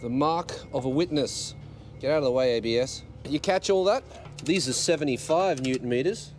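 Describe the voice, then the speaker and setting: A man's voice: mid-range voice, moderate pace, darkish tone, soft background music. Grumbling man working on a car. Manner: grumbling, swearing, self-mocking asides. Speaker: car vlogger. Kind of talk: casual self-filmed garage vlog. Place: home garage, working under a car. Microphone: external mic on action camera.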